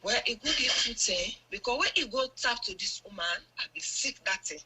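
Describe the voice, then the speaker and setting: A woman's voice: fairly high pitch, animated, fairly quick, pushed and bright, breathy edge, poor audio. An older woman with a Sierra Leonean Krio accent, a guest earnestly recounting events in a long narration full of quoted exchanges. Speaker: guest, mother telling her account. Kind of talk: radio interview testimony.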